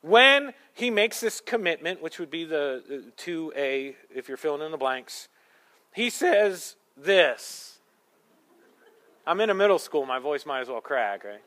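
A man preaching a sermon, telling a story with sarcastic asides and moving between loud, forceful lines and quiet ones. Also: fairly high pitch, very animated, unhurried. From Michigan. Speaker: pastor.

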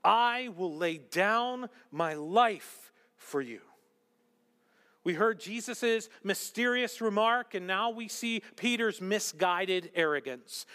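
A man preaching a sermon as pastor, animated, acting out quotes and dropping to hushed whispers. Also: high-pitched, slow, big-room sound.

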